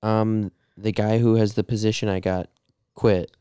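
A man's voice: on the low side, flat delivery, measured pace, mellow, clean tone, dry recording, clean studio sound. A young man co-hosting a podcast, rambling casually with lots of fillers and frequent laughs. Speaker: podcast co-host. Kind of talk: casual chat.

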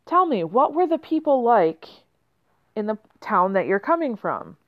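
A woman telling of a calm, wise old man. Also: fairly high pitch. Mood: knowing. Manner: measured, sits back before answering. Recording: slightly muffled lo-fi.

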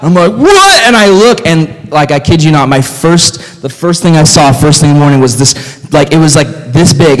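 A young man preaching a casual youth sermon, telling stories in an animated way and saying "like" a lot. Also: a little high. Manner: animated storytelling, heavy use of "like". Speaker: youth pastor. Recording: long reverb of a hall.

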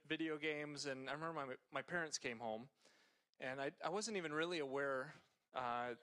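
A man's voice: mid-range voice, pushed and bright. A man preaching a sermon in a conversational way, telling a personal story with frequent fillers and restarts.

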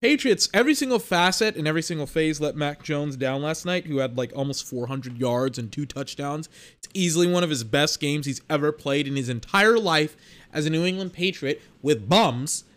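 Blunt, animated young man ranting. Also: fairly high pitch, normal speed. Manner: animated, blunt, exasperated rants with slang. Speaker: podcast host. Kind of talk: casual sports podcast monologue.

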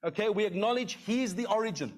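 Male pastor, middle-aged, high voice, chatty sermon style that keeps asking "okay?". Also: lively intonation, fast talker, darkish tone. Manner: conversational, repeats "okay?" to the congregation.

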